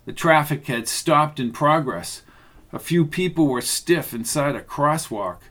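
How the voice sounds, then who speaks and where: Man, audiobook narrator, steady, measured, middle pitch.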